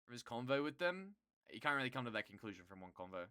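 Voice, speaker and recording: A streamer talks casually to viewers, rambling and cursing freely, quickly getting worked up and loud. The voice is bright and sharp with a smooth, clean tone. The sound is close and dry. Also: medium pitch, very animated, dry recording. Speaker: streamer answering chat.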